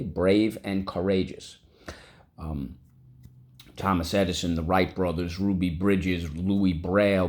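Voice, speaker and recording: Male teacher, deep voice, unhurried classroom vocabulary drills. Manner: drawn-out, syllable-by-syllable word drills. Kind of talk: vocabulary lesson for children.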